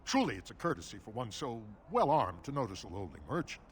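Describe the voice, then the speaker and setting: An actor playing a surface-born dwarf merchant who speaks with wry, guarded resentment in a video game. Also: male voice, mid-range voice, very animated, fast, slight background noise, lightly acted. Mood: wry, bitter.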